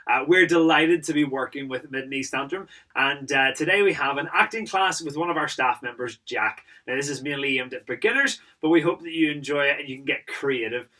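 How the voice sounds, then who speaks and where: A man's voice: mid-range voice, sharp tone. A man with a Northern Irish accent, a school director, giving a cheerful welcome to an online class. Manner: cheerful, with filler pauses. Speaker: performing arts school director. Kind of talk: friendly welcome address. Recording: heard from a distance.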